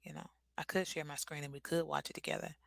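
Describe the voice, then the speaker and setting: A woman's voice: deep voice, little pitch movement, fast talker, vocal fry, dry recording, rough recording. A woman hosting a casual live stream, chatting directly with her viewers and calling them y'all.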